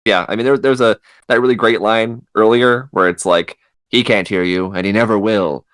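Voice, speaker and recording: Deep-voiced man, thoughtful and halting. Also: fairly even intonation, a bit bright, no room sound, clean studio sound. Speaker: podcast guest. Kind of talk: casual chat.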